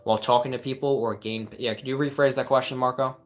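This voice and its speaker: Faint music plays behind this fast-talking man, whose mid-range voice keeps a fairly even intonation. Hosting a live advice stream as a life coach, he responds to chat questions in a casual, earnest way, with frequent "like"s and restarted sentences.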